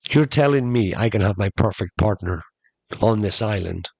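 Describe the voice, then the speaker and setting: A man's voice: lowish voice, lively intonation, normal speed, vocal fry, darkish tone, no echo. A man voicing a puzzled young man stranded on an island, who sounds questioning and doubtful.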